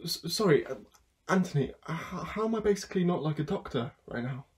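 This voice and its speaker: Slightly high, animated and a little fast, this young adult man's natural voice performs an online theatre monologue. The student actor portrays a desperate food courier on the phone who stammers, pleads and erupts in anger.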